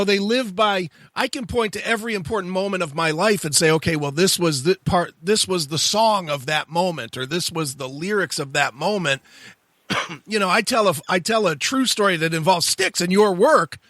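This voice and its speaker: A man's voice: high voice, normal speed, fairly bright tone, no echo. A man hosting a radio show interview, talking in an effusive, admiring way.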